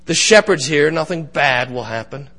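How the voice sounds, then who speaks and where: A man's voice: a little high, lively intonation, moderate pace, a bit bright. A man voicing a small, frightened lamb in a children's story told during a sermon. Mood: relieved.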